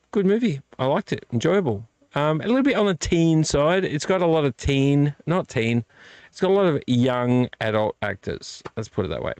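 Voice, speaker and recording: Middle-aged male vlog host, sleepy and yawning, chatty ramble with many self-corrections, dry close mic, average pitch. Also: a little mellow, no echo. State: tired, yawning. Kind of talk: casual live-stream chat. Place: home collection room. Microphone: desk microphone.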